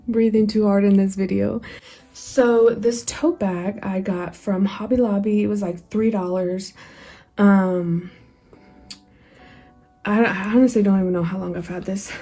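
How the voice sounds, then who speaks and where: Breathy-sounding chatty young woman, mellow voice. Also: mid-range voice. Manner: chatty, rambling, with frequent ums and laughs. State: slightly out of breath. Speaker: journaling vlogger. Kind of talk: casual show-and-tell vlog. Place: at home.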